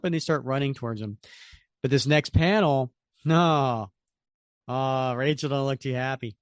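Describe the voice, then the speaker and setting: A man's voice: medium pitch, moderate pace, no room sound, studio quality. A man co-hosting a comic book podcast, describing panels with enthusiasm. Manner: enthusiastic, animated. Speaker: podcast co-host. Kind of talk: comic book review chat.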